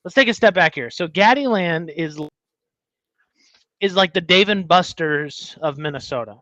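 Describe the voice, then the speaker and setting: An American man co-hosting a podcast tells a story in casual chat, acting out the people in it as an animated storyteller. His voice is high-pitched at a normal speed. The recording is muffled with no room sound.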